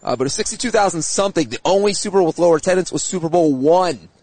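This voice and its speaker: A man's voice: a little high, expressive, rapid-fire, darkish tone, no echo. A man co-hosting a sports podcast from an outdoor stadium press area, bantering and mocking himself. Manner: joking, self-mocking.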